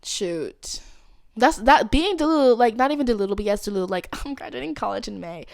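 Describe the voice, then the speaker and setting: A woman's voice: a little high, animated, a little fast, gravelly, no room sound, clean studio sound. A young woman, hosting a casual solo podcast, playful and rambling with slang and laughs. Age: 20s. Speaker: podcast host.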